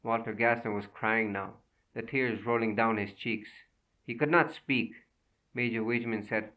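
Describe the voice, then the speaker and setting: A man narrating a thriller audiobook in a steady, measured reading. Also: fairly low pitch, distant mic, poor audio.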